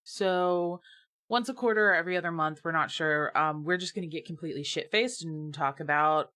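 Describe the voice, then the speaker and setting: A woman co-hosting a podcast in casual chat, blunt and profane, often swinging into animated rants. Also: low voice, a little fast. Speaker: podcast co-host.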